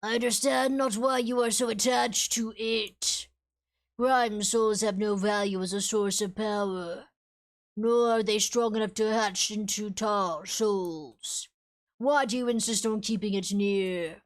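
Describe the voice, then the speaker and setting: A woman's voice: medium pitch, steady tone, measured pace, pitched below the performer's own voice, close to an everyday voice. A woman voicing a cold male demon who speaks in a stiff, old-fashioned way while she plays a video game. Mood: cold, formal. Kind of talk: video game voice-over reading.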